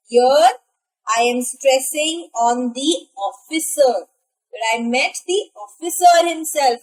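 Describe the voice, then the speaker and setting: A woman teaching an English grammar lesson, speaking deliberately and stressing single words with pauses. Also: sits high, poor audio. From India. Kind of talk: slow classroom grammar lesson.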